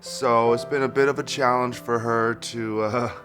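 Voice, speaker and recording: A man who owns two rescue dogs, talking about them in a friendly, relaxed documentary interview. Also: medium pitch, normal speed, over music. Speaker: dog owner.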